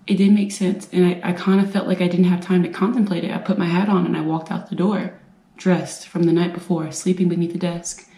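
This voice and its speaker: A woman from the United States telling her own survivor story in an earnest, halting way, repeating phrases for emphasis. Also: on the low side, level tone, mellow. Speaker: brain injury survivor and veteran speaker. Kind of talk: personal storytelling talk. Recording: roomy echo.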